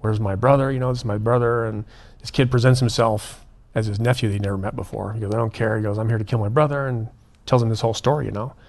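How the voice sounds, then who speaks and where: A man, a prison minister and guest, telling a story in an earnest, animated way and acting out the dialogue. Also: on the low side, fast talker, hardly any pauses. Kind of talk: conversational storytelling.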